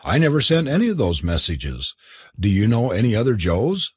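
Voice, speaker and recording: A husky-voiced man reading aloud, voicing a brisk, cordial young woman. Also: fairly low pitch, very animated, a little mellow, no room sound, clean studio sound.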